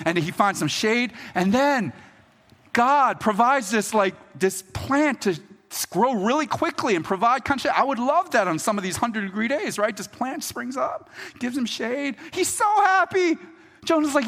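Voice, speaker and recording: Man, pastor, sermon, joking, conversational, fairly high voice, long hall reverb. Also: expressive, moderate pace, a bit bright. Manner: conversational and joking, often asks the audience "right?".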